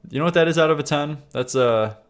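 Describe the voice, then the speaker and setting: A man with a fairly high voice talks fast as he hosts a live stream reviewing viewers' song submissions. His casual reactions mix wry sarcasm, laughing asides and mumbled muttering.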